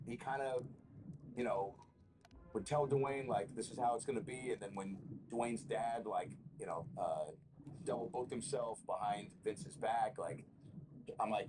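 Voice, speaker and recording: A man's voice: medium pitch, normal speed, background noise. A man, a comedian and actor, telling rambling, profane stories as an interview guest. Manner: rambling, profane, animated storyteller. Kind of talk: casual interview storytelling.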